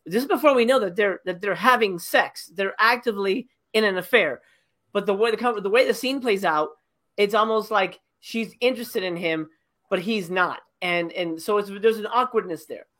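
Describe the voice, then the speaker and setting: Exasperated and swearing, a female podcast co-host tears into a movie's ending during a casual review, mimicking scenes in silly voices. She speaks at normal speed in a medium-pitched, slightly bright voice.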